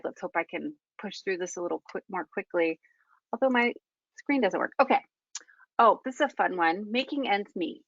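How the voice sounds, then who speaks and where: A woman's voice: fairly low pitch, a bit bright, no echo, muffled recording. A woman screenwriter presenting a webinar in a candid, conversational way, frank and self-deprecating, with plenty of fillers.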